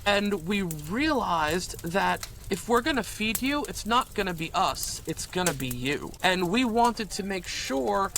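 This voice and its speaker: A man in a comedic improv interview, the guest chef, telling crude stories in a deadpan way. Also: high-pitched, a little hiss or hum.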